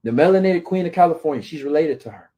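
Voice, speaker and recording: A man's voice: a little high, lively intonation, fast talker, warm tone. A man ranting at his critics, scolding and taunting them and often asking "right?". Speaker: commentator. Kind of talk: confrontational rant to camera.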